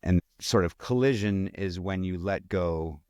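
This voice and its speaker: A man's voice: low-pitched, measured pace, a little mellow, smooth, no echo, studio quality. A man hosting a podcast, explaining things step by step in a friendly way. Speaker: podcast host. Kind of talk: casual interview.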